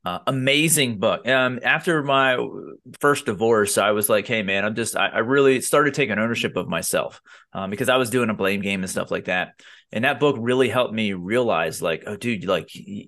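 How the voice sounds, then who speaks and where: A man hosting a casual podcast conversation. He talks loosely and animatedly, full of fillers and restarts, and slips into little acted-out quotes as he tells his stories. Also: lowish voice. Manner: animated storytelling, acts out quotes with lots of fillers. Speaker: podcast host.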